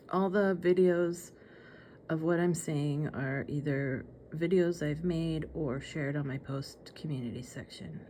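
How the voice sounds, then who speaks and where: Mellow-voiced woman with a slight lisp. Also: low-pitched, slight background noise. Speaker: vlogger. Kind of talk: casual talk to camera.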